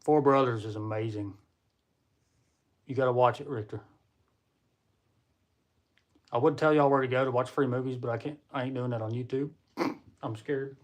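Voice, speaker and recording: A man's voice: medium pitch, fairly even intonation, brisk. A man hosting a casual live stream, rambling and chatting with viewers as he reads their comments. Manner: rambling, chatty, laughs often; talks to viewers while reading comments. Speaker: livestream host.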